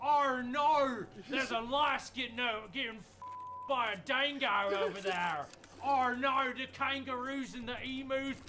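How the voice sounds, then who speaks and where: A man voicing a loud, excited guy with a deliberately bad Australian accent. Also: very high voice, soft background music, heavily acted. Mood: hammy excited. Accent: put-on Australian. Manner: hammy, excited.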